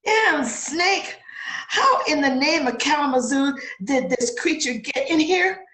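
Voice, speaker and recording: A woman's voice: sits high, animated, takes it slowly, sharp tone, slight background noise, exaggerated voice. A woman playing a man indignant at a snake in his garden, blustering in theatrical rhyming outbursts, in an audio theater play. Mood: outraged. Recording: roomy echo.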